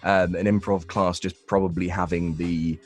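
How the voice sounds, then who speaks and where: A man's voice: deep voice, little pitch movement, moderate pace, darkish tone, faint music behind. A young man, a voice actor, answering interview questions casually, rambling with fillers and restarts. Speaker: voice actor guest.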